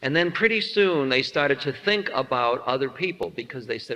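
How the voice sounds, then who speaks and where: Lively, bright-voiced man giving a spiritual talk. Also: medium pitch, normal speed, hardly any pauses. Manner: playful, acts out voices in anecdotes. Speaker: spiritual teacher. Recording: long hall reverb.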